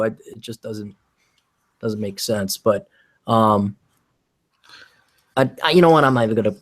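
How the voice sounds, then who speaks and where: A man hosting a casual livestream, rambling and reading chat comments aloud. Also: mid-range voice. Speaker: livestream host.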